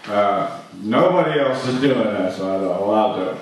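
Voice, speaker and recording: A man doing an open-mic stand-up set in a comedy club, halting often with uhs and restarts. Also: fairly low pitch, expressive, distant mic. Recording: echoey club miked from afar.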